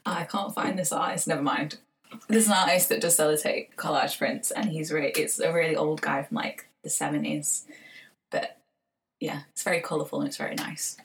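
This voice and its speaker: An English woman co-hosts a relaxed podcast chat with a somewhat low voice. She swears freely and laughs a lot. Now and then she drops to a whisper. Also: normal speed. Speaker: podcast co-host. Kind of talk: casual chat.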